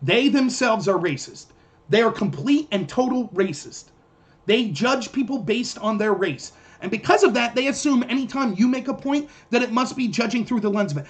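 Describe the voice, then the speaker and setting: High voiced guy ranting on his stream, sarcastic, arguing with chat. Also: lively intonation, normal speed. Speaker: political livestream host. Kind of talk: heated solo commentary reading chat.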